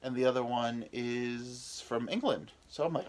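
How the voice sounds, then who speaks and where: A man's voice: medium pitch, normal speed. A young American man, a podcast host, telling a rambling, profane, self-mocking story in a casual comedic way. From United States.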